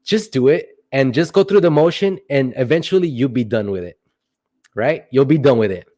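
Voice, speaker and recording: A man's voice: medium pitch, lively intonation, dark tone. Rambling young man on a livestream. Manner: rambling, playful, drawn-out joking asides. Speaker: livestream host answering chat questions. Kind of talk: casual livestream chat.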